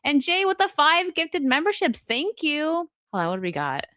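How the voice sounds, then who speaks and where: A young woman hosting a live stream, reading chat and chatting casually, laughing often with quick asides. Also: high-pitched, big pitch swings, bright, forceful tone, dry recording, studio quality.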